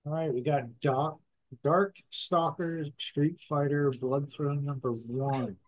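A man co-hosting a podcast, speaking haltingly with a dry mouth. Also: on the high side, fairly even intonation, low-quality recording. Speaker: podcast co-host.

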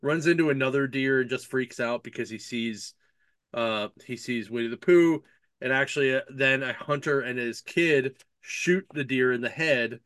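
A man's voice: medium pitch, normal speed, a bit bright, no room sound, clean studio sound. A man hosting a casual book chat, recapping a plot in a rambling way, laughing often and leaning on lots of fillers. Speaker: podcast host reviewing books.

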